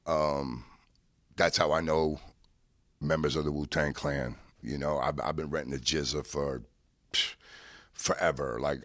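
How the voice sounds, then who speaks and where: Deep-voiced man telling casual stories. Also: dry recording, clean studio sound. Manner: animated storyteller, swears freely, acts out the voices of people he quotes. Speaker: interview guest, car rental businessman. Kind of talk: casual storytelling interview.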